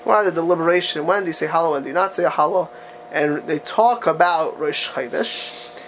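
Leading a class on a religious text, a man with a voice high for a male reads passages aloud and fires off rhetorical questions at his students with lively energy. He speaks fairly quickly, and faint room sound and slight background noise sit beneath him.

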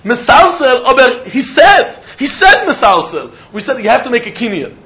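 High-voiced man giving a Talmud class. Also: sing-song, moderate pace, sharp tone. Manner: Yiddish-laced English, chanting question-and-answer. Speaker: Talmud teacher. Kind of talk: Talmud lecture.

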